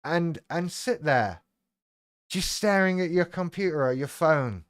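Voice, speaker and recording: A man's voice: a little high, lively intonation, a little slow, smooth, dry recording, studio quality. A man hosting a live stream, chatting casually in a rambling, irreverent, sweary way and reacting to viewers' comments.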